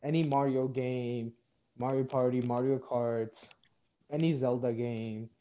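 A man co-hosting a casual podcast chat, telling animated stories and acting out what people said. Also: medium pitch, measured pace, lo-fi sound. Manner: animated storytelling, acts out quotes. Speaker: podcast co-host.

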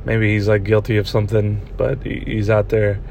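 A man's voice: on the low side, little pitch movement, normal speed, vocal fry, darkish tone. A young man rambles through a story as a casual podcast host, swearing freely and stumbling over restarts. He talks from inside a parked vehicle, with a faint hum of ambient noise behind him. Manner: rambling and profane, many restarts.

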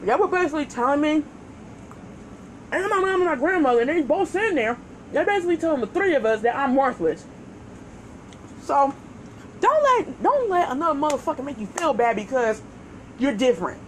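Animated, high-voiced woman telling stories. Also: brisk, long pauses, a little hiss or hum, low-quality recording. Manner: animated, profane, laughing storyteller. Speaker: podcast co-host. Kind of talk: casual storytelling chat.

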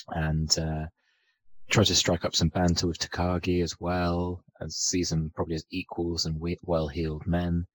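Male podcast co-host, low voice, loose and rambling, lots of ums. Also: no room sound, low-quality recording. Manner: rambling, hesitant, many fillers and restarts. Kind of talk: casual film discussion.

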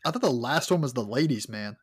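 A man's voice: mid-range voice, animated, fast talker, crowd noise. A man hosting a podcast in casual chat, rambling with restarts and laughing often. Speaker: podcast host, book reader.

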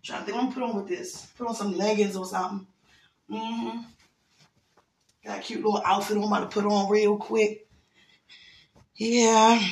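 Woman gushing to her boo and praying out loud, laughs a lot, roomy echo. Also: medium pitch. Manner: affectionate, prayerful, laughs often. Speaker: vlogger. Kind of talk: casual heartfelt talk to camera.

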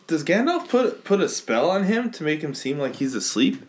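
A man's voice: a little high, big pitch swings, normal speed. A man co-hosting a casual podcast, mostly giving short agreeing replies and asking hesitant questions. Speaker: podcast co-host. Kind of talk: casual movie recap chat.

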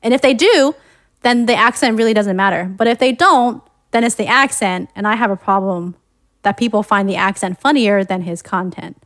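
A woman co-hosting a casual discussion, speaking in a thoughtful, measured way and murmuring softly while she listens. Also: mid-range voice, no room sound, studio quality. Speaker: podcast co-host.

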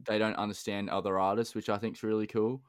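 A man hosts a podcast in a laid-back, teasing way, with casual swearing. His voice sits fairly low and sounds dry and close, with almost no room echo. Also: flat delivery, quick pace, clean tone. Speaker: podcast host.

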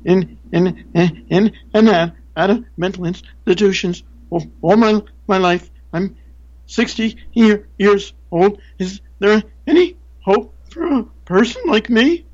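A woman's voice: mid-range voice, measured pace, a little mellow, dull audio, voice pushed up, close to an everyday voice. Man putting on a tearful fragile old woman. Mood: pleading. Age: 60s.

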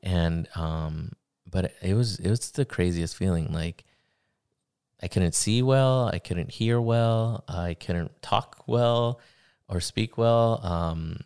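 A young man telling a personal story in casual podcast conversation, halting, with many fillers and restarts. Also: deep voice, darkish tone, clean tone. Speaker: podcast guest.

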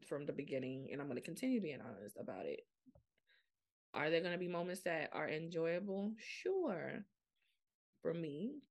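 Frank woman with a low gravelly voice. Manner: frank, chatty, lots of "like" and quoted self-talk. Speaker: podcast host. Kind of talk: candid solo podcast monologue.

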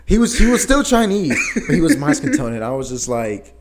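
A man of ordinary pitch tells a long anecdote in loose, casual talk. He swears freely and laughs as he goes, with a lot of animation in his delivery. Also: moderate pace. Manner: animated, profane, laughing storyteller. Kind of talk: casual chat, storytelling.

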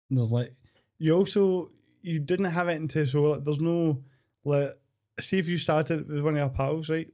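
A man's voice: fairly high pitch, warm tone. A man, hosting a podcast in casual chat, rambling through his thoughts.

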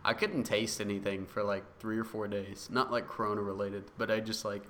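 Young man, low voice, rambling laughing storyteller, casual chat, faint background noise. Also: fairly even intonation, brisk, a bit bright.

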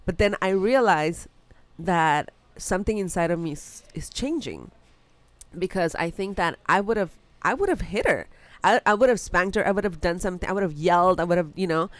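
A woman's voice: on the low side, moderate pace, dry recording. A mother in casual chat, telling a personal story in an earnest, reflective way, recorded on a close mic.

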